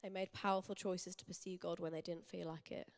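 A woman's voice: fairly low pitch, little pitch movement, brisk. A young woman giving a sermon in an earnest, personal, conversational way. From England. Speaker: church speaker. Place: church hall.

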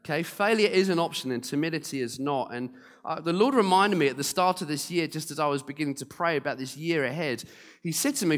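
A man preaching a sermon, with humorous, animated storytelling. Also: fairly high pitch, fast talker. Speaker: pastor. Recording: long hall reverb.

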